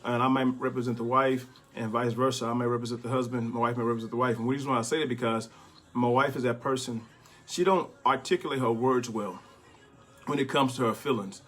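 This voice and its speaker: A middle-aged man, a bishop, giving plainspoken, relaxed marriage advice in casual conversation. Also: medium pitch, fast talker, faint music behind. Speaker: bishop, co-host.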